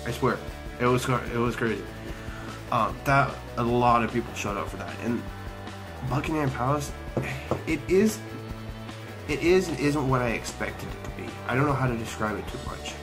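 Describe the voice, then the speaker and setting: A man's voice: medium pitch, normal speed, poor audio. Rambling young man vlogging. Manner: rambling, hesitant, many fillers and restarts. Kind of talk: casual travel vlog chat. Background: background music.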